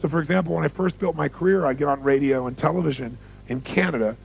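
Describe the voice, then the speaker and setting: A man's voice: a little high, quick pace, vocal fry, slightly rough, poor audio. A man giving a motivational seminar talk on stage, telling stories, repeating key phrases for emphasis and quizzing the audience. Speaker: motivational speaker.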